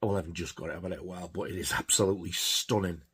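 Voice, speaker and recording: A man's voice: low-pitched, steady tone, very fast, fairly bright tone, breathy edge. A man giving a casual, rambling film review, hesitant with many fillers. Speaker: film collector reviewing horror films.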